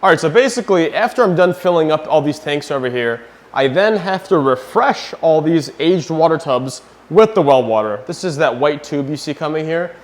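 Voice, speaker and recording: A man's voice: fairly high pitch, animated, normal speed, few pauses. Chatty young man vlogging at home. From New Hampshire, USA. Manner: chatty, jokey, talks to camera while working. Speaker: fish-keeping vlogger. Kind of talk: casual vlog chat. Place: home basement and rooms.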